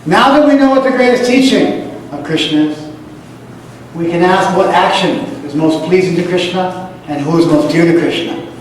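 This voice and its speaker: A man's voice: high-pitched, moderate pace, slight background noise. A man from the United States giving an emphatic religious lecture, repeating key phrases and chanting Sanskrit verses. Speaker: lecturer on scripture. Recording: echoey hall, voice from far off.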